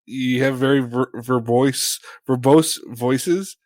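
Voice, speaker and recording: A man co-hosting a podcast, joking around in loose, halting banter with frequent restarts. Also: mid-range voice, fairly even intonation, darkish tone, no room sound, clean studio sound. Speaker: podcast co-host.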